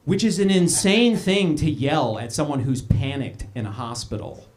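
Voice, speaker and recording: A young man hosting a live comedy show, telling a stand-up bit on stage with an animated delivery and quick put-on voices. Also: fairly high pitch. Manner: animated, puts on voices for quoted people.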